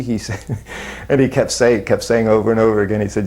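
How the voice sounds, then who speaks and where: Recalling his time as a disciple in an interview, this man speaks in a warm, fairly low voice with fairly even intonation. He's halting and self-deprecating, often pausing and starting over, and chuckles between recollections.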